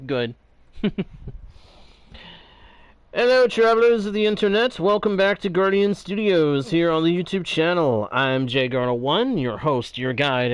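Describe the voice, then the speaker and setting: A man's voice: fairly high pitch, clean tone. A man hosting a video game let's play, talking with a theatrical, playful and grumbling manner. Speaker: host.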